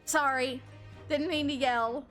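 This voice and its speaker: A woman streamer reacting excitably while playing a story game. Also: high-pitched, slow, faint music behind. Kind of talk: casual game commentary.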